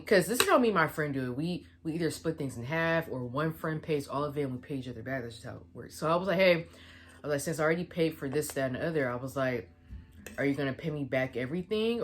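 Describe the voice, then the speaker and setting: In a casual storytime vlog, a young woman with a deep voice retells a story, quoting the back-and-forth of a conversation.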